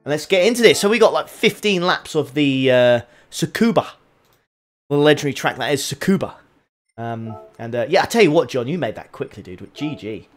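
A man chatting casually to viewers on his sim racing live stream, excitable and repeating his phrases. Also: mid-range voice.

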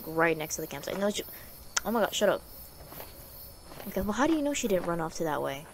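Streaming a horror game, a young woman rambles, swears liberally, and gasps at jump scares in a somewhat mellow mid-range voice. A faint hiss or hum sits under the recording.

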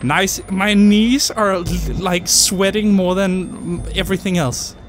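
A man's voice: sits high, fairly even intonation, slow. A man commentating a horror game, jumpy and joking, screaming and swearing at every scare. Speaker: gamer. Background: game music.

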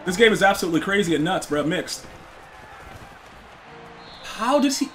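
A young man streaming a football video game live, chatting with his viewers, excitable and slangy, often repeating himself. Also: high voice, normal speed, faint music behind.

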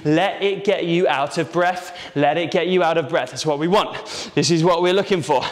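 Man, fitness instructor, upbeat and encouraging, fairly high voice, long echo. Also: normal speed. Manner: energetic, encouraging, counts reps aloud. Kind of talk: live workout coaching. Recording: roomy with long reverb.

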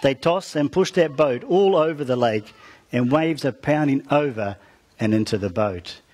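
A man's voice: medium pitch, expressive, moderate pace, darkish tone. A man preaching, retelling a story to his congregation and calling out to them as he goes. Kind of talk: storytelling sermon.

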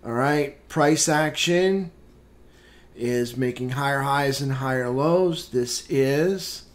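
A man hosting a live trading room, calmly talking through market charts with casual fillers. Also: mid-range voice. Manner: unhurried, plain chart commentary with fillers. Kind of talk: live market recap walkthrough.

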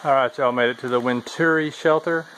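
A man's voice: medium pitch, steady tone, brisk, fairly bright tone, a little hiss or hum, poor audio. Laid-back man vlogging from the trail. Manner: laid-back Southern-style talk with "y'all". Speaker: thru-hiker vlogger. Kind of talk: casual vlog chat. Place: outdoors at a forest trail shelter.

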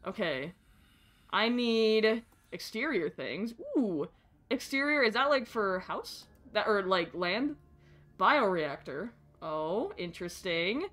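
An American woman streaming a video game with casual, excitable and profane commentary that often rambles. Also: medium pitch, takes it slowly.

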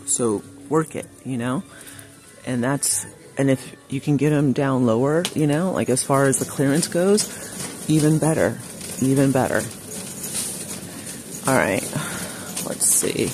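A man's voice: mid-range voice, measured pace, pauses often. A man with an everyday mid-range voice hosts a casual shop-with-me video inside a large craft store. He talks enthusiastically into a handheld phone and reads out the prices as he goes. Faint music drifts in from the store behind him. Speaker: shopping vlogger.

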